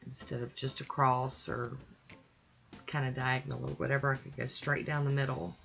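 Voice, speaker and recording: A woman's voice: very deep voice, level tone, moderate pace, vocal fry, a bit bright, soft background music. A woman hosting her own nail polish channel, talking through a manicure in a chatty, easygoing voice-over. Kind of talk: casual voice-over tutorial.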